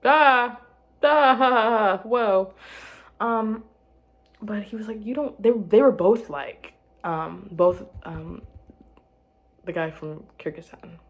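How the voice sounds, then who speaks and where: A young woman chatting to camera about her life, rambling and restarting, giggling and dropping to quiet murmurs. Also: medium pitch, steady tone, slow pace, pauses often. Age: young adult. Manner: rambling, self-interrupting, giggly, drops to murmurs. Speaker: vlogger. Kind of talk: casual chat to camera.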